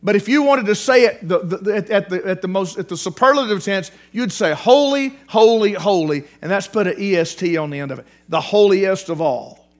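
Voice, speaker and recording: A man preaching a sermon in a church, animated, repeating words for emphasis and restarting phrases often. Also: high voice, brisk. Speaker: pastor. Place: church sanctuary.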